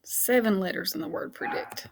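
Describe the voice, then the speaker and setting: A woman teacher giving a recorded phonics lesson for children, patient and encouraging, spelling and counting out slowly and laughing off her own slips. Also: a little high, wildly swooping pitch, creaky, heavy background noise.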